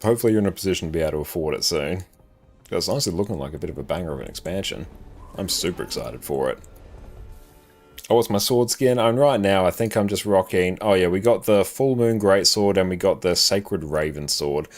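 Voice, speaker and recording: A man with a South Australian accent chats through a live game stream in a very deep, low voice. He answers viewers with relaxed, dry jokes, and soft game music plays faintly underneath. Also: brisk. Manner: relaxed, dry joking asides. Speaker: livestreamer reading chat. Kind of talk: casual live gaming commentary.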